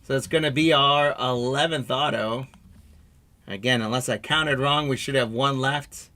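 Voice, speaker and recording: A man's voice: mid-range voice, normal speed, bright, forceful tone. A man hosting a live trading card break stream, reading out player names and teams in a running patter and chatting with viewers.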